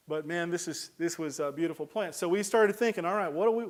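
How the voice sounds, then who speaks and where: A man's voice: on the high side, fast. A man giving a casual, folksy lecture on garden plants, rambling with many uhs and restarts. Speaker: horticulture lecturer. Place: lecture hall.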